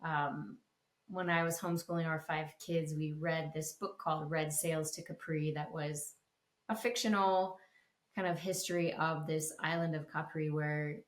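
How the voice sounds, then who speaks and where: Deep, flat-voiced woman in a roomy echo. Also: normal speed. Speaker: podcast co-host. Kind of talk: casual chat.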